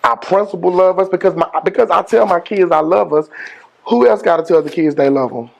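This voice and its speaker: A middle-aged man, a school principal giving an energetic motivational speech with call-and-response and slangy phrasing. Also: sits high, brisk, creaky. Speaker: high school principal, guest speaker.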